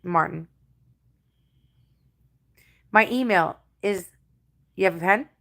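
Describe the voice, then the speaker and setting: A woman's voice: on the low side, takes it slowly, creaky, a bit bright. A woman in her forties with an English accent, chatting bluntly and profanely to her livestream viewers, answering comments. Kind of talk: casual livestream chat.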